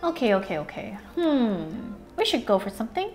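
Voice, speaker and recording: A woman's voice: a little high, big pitch swings, normal speed, darkish tone, soft background music. A woman hosting a toy unboxing video, bubbly and playful, chatting as she opens each item and sometimes slipping into silly voices for the toys.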